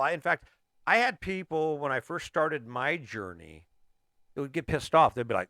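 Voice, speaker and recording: A man's voice: on the high side, lively intonation, moderate pace, bright, forceful tone, no room sound, clean studio sound. A middle-aged man hosting a motivational podcast, talking emphatically and firing off repeated rhetorical questions. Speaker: podcast host.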